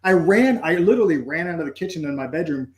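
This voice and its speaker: A man's voice: fairly high pitch, lively intonation, fast talker, echoey room. A man, a podcast guest, telling a personal story in an earnest, reflective way and acting out his own inner thoughts. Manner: earnest, reflective, acts out inner dialogue with "I'm like".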